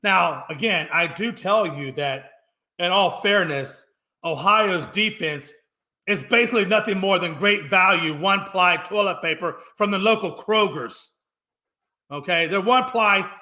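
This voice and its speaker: A man co-hosting a sports talk show, ranting in an animated, profane way and repeating phrases for emphasis. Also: high voice, unhurried. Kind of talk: loud casual sports talk.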